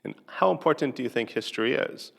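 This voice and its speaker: A man teaching a lesson, asking a listener practice conversation questions one at a time with steady pauses. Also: medium pitch, creaky. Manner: measured, pausing between questions. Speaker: English teacher.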